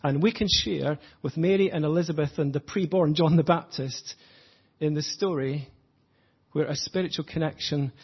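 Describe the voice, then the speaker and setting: A man preaching an earnest, reflective sermon, slowing down to stress his points. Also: fairly high pitch, breathy edge, muffled recording. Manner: earnest, reflective, slows for emphasis.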